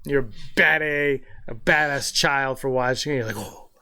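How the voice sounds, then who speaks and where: A young adult man co-hosting a podcast in casual chat, animated and laughing, slipping into quick movie-voice impressions. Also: mid-range voice, vocal fry, smooth. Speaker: podcast co-host.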